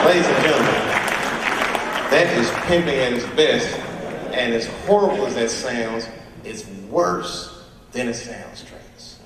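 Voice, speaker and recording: A man's voice: a little high, animated, unhurried, crowd noise, background noise. A man comedian telling a profane, conversational story on stage, recorded from far off in an echoey hall. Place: large hall at a live event.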